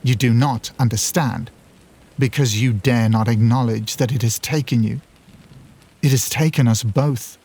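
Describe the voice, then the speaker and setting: A man voicing the calm, firm ghost of a dead mother, speaking in a measured way. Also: mid-range voice, breathy edge.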